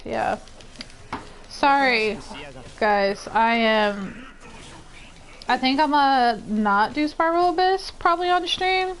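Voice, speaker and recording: A woman's voice: high-pitched, slow pace, long pauses. A young woman streaming a game, chatting casually, exclaiming and rambling as she plays. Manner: excitable, exclaims and rambles while gaming. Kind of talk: casual gameplay chat.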